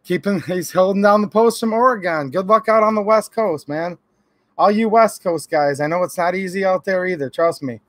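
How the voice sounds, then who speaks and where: A man from Michigan hosts a casual livestream. He talks in a fairly high voice and greets his viewers by name, friendly and opinionated. The sound is dry and close, with no room echo. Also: normal speed. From Michigan, USA. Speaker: YouTube channel host. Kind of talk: casual livestream chat reading viewer comments.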